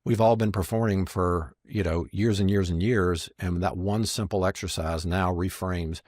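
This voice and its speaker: Here a man with a low voice talks at normal speed in a studio-quality recording without echo. Guesting on a podcast, this magician and marketing strategist tells animated stories, performing the lines he quotes.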